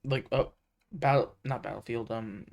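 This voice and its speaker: A man streaming and reacting casually, talking in an excitable, rambling way full of fillers. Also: medium pitch, moderate pace, gravelly. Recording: noisy home mic.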